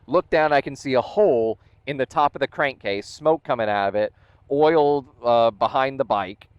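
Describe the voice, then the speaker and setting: A man's voice: medium pitch, moderate pace, clean tone, no room sound, lo-fi sound. A man vlogging about his motorcycle, retelling events with exasperation and quoted dialogue. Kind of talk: casual storytelling vlog.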